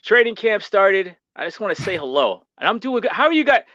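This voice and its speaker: A man calling in to a sports show, excited and stammering as he talks about his team. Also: high voice, fairly quick, no room sound. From San Francisco Bay Area. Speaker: caller. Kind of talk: casual sports talk. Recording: dull lo-fi call line.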